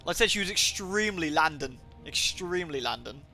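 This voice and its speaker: A male game streamer with a blended Somerset and Birmingham accent chats and rambles to his viewers, swearing freely as he goes. His voice is a touch high and sounds bright and forceful. Faint music plays underneath him. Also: animated, a little fast, vocal fry. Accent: Somerset and Birmingham mix. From southwest England. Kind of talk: casual live-stream chat.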